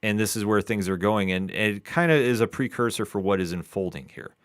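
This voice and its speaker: A man co-hosting a comic book review podcast, calmly recapping the story. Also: on the low side, fairly quick, no echo, studio quality. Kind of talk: casual review chat.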